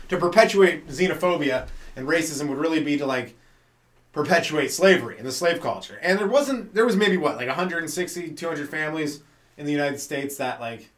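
A man's voice: fairly high pitch, a bit bright, echoey room, recorded from a distance. A man doing a loose, profane comedy podcast monologue, full of rhetorical questions. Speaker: stand-up comedian podcast host.

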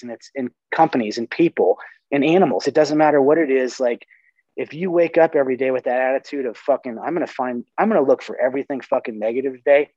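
On a dry, dull lo-fi recording, a man with a medium-pitched, darkish voice chats on a podcast. He talks earnestly, swears casually, and keeps restarting his sentences.

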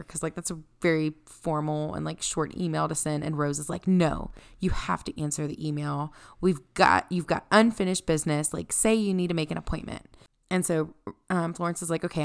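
A woman's voice: sits low, gravelly, clear, resonant tone. A woman co-hosting a book podcast, recapping a novel in a chatty, casual way with frequent laughter.

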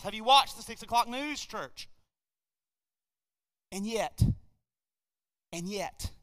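A high-pitched man preaching from the pulpit. His tone is bright and forceful. He surges loud on key words and sinks to a hush between them, and a long hall reverb trails every phrase. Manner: preaching with sudden swells and drops in volume. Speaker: pastor. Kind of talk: sermon.

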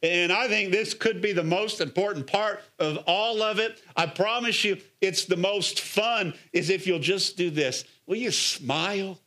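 A middle-aged man, a pastor, preaching a sermon in an energetic, coaxing way, full of rhetorical questions and calls of "come on.". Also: high-pitched, a little slow, hardly any pauses.

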